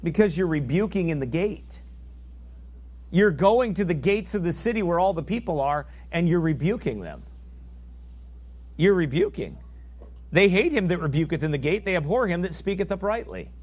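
A man preaching a sermon, fervent and emphatic, swinging from loud peaks down to low asides and reading scripture in old biblical wording. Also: lively intonation, normal speed, pauses often.

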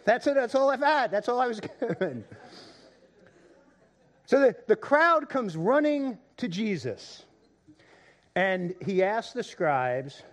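Taking it slowly with long pauses, a pastor delivers a sermon that rises to loud excitement and drops to quiet, low emphasis, repeating words as he builds.

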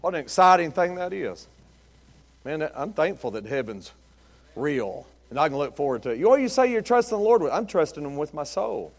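A man preaching a sermon, rising to shouted emphasis and dropping to quiet, folksy storytelling. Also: on the high side, big pitch swings, a little fast.

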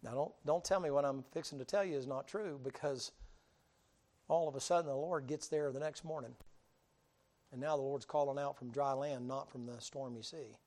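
Folksy gravelly preacher man. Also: mid-range voice, normal speed. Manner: folksy, humorous, swings loud and quiet. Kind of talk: storytelling sermon.

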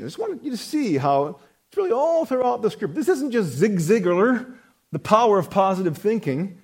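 A man preaching a sermon emphatically, swinging between loud, punchy words and hushed, drawn-out ones. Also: a little high.

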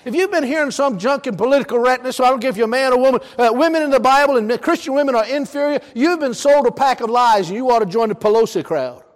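Southern guy preaching, high voice, numbers off his points, big echoey hall. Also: animated, fast, hardly any pauses. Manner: emphatic, counts points off, asks the congregation questions. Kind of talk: sermon. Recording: long reverb of a large hall.

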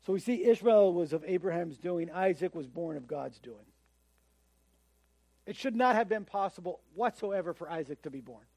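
A man's voice: high voice, expressive, normal speed, gravelly, darkish tone, no room sound. A man preaching a sermon in a conversational way, often acting out the voices of the people he quotes. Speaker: pastor.

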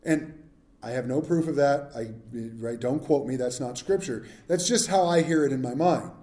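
A pastor preaching a sermon in a humorous, conversational way, often putting questions to the congregation. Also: male voice, mid-range voice, moderate pace, mellow, roomy sound.

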